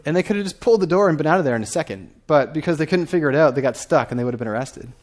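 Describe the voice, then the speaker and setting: Lively man quizzing a conference audience. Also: on the high side, racing. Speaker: conference speaker. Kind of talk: conference talk. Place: conference stage before an audience.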